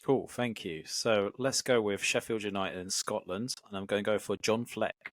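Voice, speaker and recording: Low-voiced easygoing podcast man. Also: normal speed, no room sound. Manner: easygoing, reads out fixtures. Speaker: podcast co-host. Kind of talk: casual football chat.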